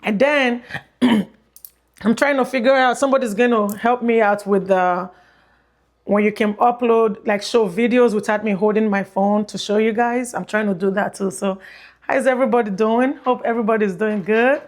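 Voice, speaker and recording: Nigerian accent lady, 30s, rambly chatty vlog talk, kinda high voice. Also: fairly even intonation, normal speed. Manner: chatty, rambling, repeats herself. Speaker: vlogger. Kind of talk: casual vlog chat. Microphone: plug-in mic on phone.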